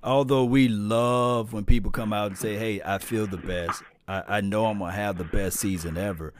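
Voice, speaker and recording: A man hosting a casual sports call-in podcast, laid-back and laughing often, and loud and animated when he jokes. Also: fairly low pitch, normal speed, slight background noise. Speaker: podcast host.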